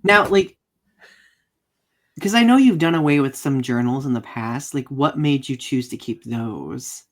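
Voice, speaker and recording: A man's voice: medium pitch, lively intonation, unhurried. A man co-hosting a casual podcast chat, enthusiastic and full of questions. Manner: enthusiastic, asks many questions. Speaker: podcast co-host. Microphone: home setup on a live video podcast.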